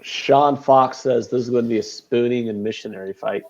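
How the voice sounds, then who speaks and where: A man's voice: mid-range voice, steady tone, moderate pace, darkish tone, a little hiss or hum. Joking male host on dull stream audio. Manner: joking, self-deprecating banter. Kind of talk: casual live betting stream chat.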